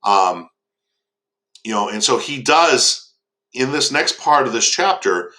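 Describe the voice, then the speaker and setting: A man's voice: medium pitch, lively intonation, takes it slowly, bright, forceful tone. A man teaching a casual lesson on a novel, rambling, with frequent fillers and restarts.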